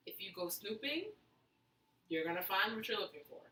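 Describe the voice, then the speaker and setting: A woman hosting a casual chat show, talking in chatty, quick bursts. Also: mid-range voice, animated, bright, forceful tone. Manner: chatty, quick bursts, playful voices for quotes. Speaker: host. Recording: echoey room, mic far off, faint noise.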